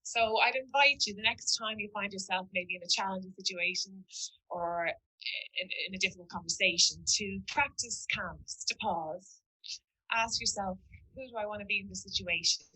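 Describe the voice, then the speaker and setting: Bright, husky woman giving a talk. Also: medium pitch, normal speed, rough recording. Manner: earnest, reflective, quotes a student in dialogue. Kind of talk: storytelling talk to an audience.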